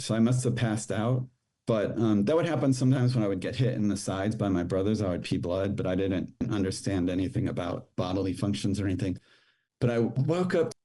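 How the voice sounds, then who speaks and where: A middle-aged man, a podcast guest, telling a personal story in a rushed, halting way with many restarts. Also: fairly low pitch, mellow.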